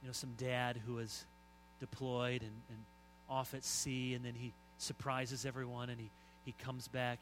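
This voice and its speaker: Bright-voiced man preaching with loud emphases. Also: medium pitch, slight background noise, low-quality recording. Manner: storytelling, swings from soft to loud emphasis. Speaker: pastor. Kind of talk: sermon.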